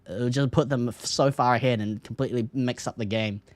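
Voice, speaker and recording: Excitable Australian man on a podcast. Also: fairly quick, no room sound. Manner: excitable, laughs often, pitch jumps when hyped. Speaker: podcast co-host. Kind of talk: casual esports podcast chat.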